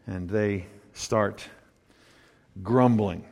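A man preaching a sermon in a conversational way, swinging between quiet, low asides and emphatic, rising points. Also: expressive, normal speed. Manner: conversational preaching, drops to a low murmur then rises emphatically. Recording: long hall reverb.

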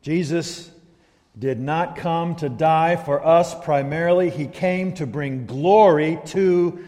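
A man preaching a sermon as pastor, animated, swinging from loud emphasis to quiet asides. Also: on the high side. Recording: long hall reverb.

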